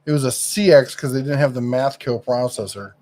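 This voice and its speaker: A man's voice: mid-range voice, brisk, a little mellow. A middle-aged man chats casually as co-host of a live stream. He rambles and stops often to search for the right word, with lots of fillers.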